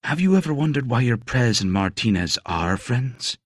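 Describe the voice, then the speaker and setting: A man's voice: lowish voice, animated, normal speed, dry recording, studio quality, lightly acted. A man voicing a crude, menacing male prosecutor in an audiobook, speaking in a mocking, threatening way. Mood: taunting. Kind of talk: audiobook character voice.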